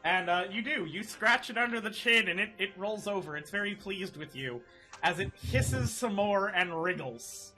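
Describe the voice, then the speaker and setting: Guy dm-ing a tabletop game, high bright voice, laughs a lot. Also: moderate pace, soft background music. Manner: animated, laughs often, exclaims. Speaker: dungeon master. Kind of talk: running a tabletop game, casual.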